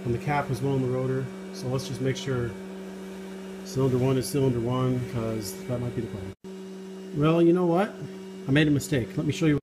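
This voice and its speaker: Man, mid-pitch, casual hobbyist narrating repairs, light self-mockery; slight background noise. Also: steady tone, fairly quick. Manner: jokey, self-deprecating, talks while working. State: out of breath. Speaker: car hobbyist vlogger. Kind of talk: casual garage vlog. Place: home garage and driveway.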